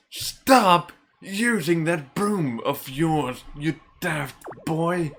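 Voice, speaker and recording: Guy putting on a gruff old shopkeeper from a video game, scolding and slow, pitched up a bit, bright edge. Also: exaggerated voice. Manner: stern, scolding, slow and deliberate. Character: gruff old bearded male shopkeeper mentor. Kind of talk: reading game dialogue aloud.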